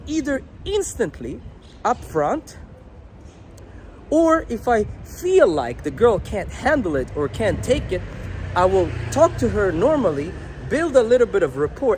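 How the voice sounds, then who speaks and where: A man's voice: high voice, darkish tone, slight background noise. A young man, a dating coach, talking to the camera outdoors in a blunt, crude and unfiltered way. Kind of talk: casual talking-to-camera advice.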